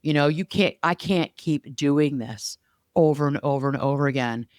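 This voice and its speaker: A woman co-hosting a podcast, telling stories in a lively, chatty way. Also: sits low, moderate pace, dry recording, studio quality. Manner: animated storyteller, lively and chatty. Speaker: podcast co-host. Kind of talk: casual podcast conversation.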